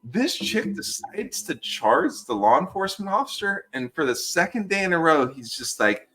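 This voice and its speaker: Pitched fairly high, he talks at a moderate clip with few pauses. The speaker is a thirty-something American fire patrol worker on a podcast, spinning animated, casual stories full of swearing and frequent "dude"s.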